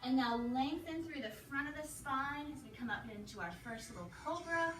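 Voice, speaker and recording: A woman leading a yoga class, calmly counting breaths and cueing each pose. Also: high-pitched, moderate pace, recorded from a distance. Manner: calm, counts breaths and cues poses. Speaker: yoga instructor. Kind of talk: guided yoga class instruction. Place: hotel room. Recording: echoey room, voice from afar, music behind.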